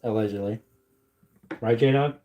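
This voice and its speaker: Low-ish, warm, and a little slow, this man's voice accompanies his ammunition reloading on a casual livestream. He jokes around, reads the chat out loud, and does silly voices for his viewers.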